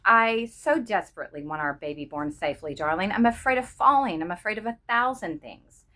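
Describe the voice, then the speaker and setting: A woman voicing a young pregnant wife who speaks softly and coaxingly, cool on top with fear underneath. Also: mid-range voice, expressive, brisk. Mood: fearful. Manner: soft, coaxing, cool yet fearful.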